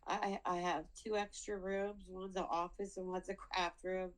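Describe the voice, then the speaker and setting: A woman's voice: lowish voice, level tone, slight background noise, rough recording. A woman speaking on a video call at a hearing, pleading for her father, often repeating words and fighting tears. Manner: halting, repeats words, tearful. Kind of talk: emotional plea over a video call.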